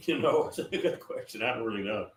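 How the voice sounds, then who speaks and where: A guest recounts his prophetic dream conversationally and briskly, his medium-pitched voice expressive as he rambles with lots of fillers and restarts. The audio is roomy, from a distant mic, with a faint noise floor.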